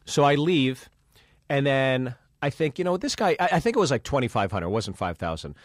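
A man's voice: medium pitch, sing-song, brisk, no echo, studio quality. A man, a comedian co-hosting a podcast, telling a road story in casual chat and acting out the dialogue with plenty of swearing.

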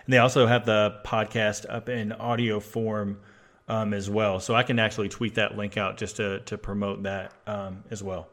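Low, flat-voiced male co-host. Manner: halting, measured, many "uh"s. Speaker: podcast co-host. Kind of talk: casual podcast chat.

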